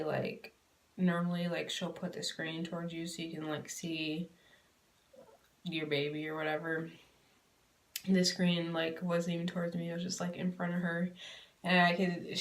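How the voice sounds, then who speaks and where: A woman's voice: on the low side, far from the mic. A woman vlogger telling a personal story in a rambling, heartfelt and candid way. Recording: roomy sound from away from the mic.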